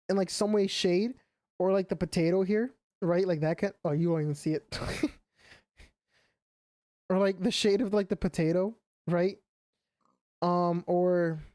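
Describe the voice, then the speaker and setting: While gaming on stream, a young man with a high, darkish-toned voice chats casually and rambles, leaning heavily on fillers like "like" and "you know." The recording is dry.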